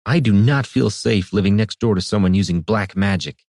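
A man's voice: lowish voice, normal speed, a little mellow, dry recording, clean studio sound. A man voicing a timid, nervous male cobbler in a fantasy audiobook, pleading and anxious.

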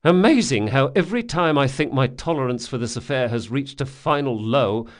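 A sardonic young con man, raised in pitch and a little louder than the reader's own voice, as a male narrator plays him. He grumbles and complains with dry wit. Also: expressive, moderate pace, lightly acted.

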